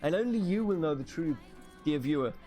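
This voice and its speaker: Let's-play host, man from Germany, slightly high voice; exasperated, swears, self-mocking, faint game music behind. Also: lively intonation, fairly quick, mellow. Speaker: gaming video host.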